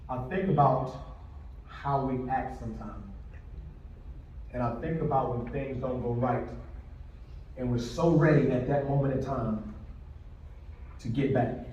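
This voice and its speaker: A man's voice: medium pitch, measured pace, pauses often, highs cut off, slight background noise. A man giving an inspirational speech, telling a personal story and acting out the voices of the people in it. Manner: animated storyteller who acts out quoted voices. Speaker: motivational speaker. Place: large indoor hall. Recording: echoey hall from far off.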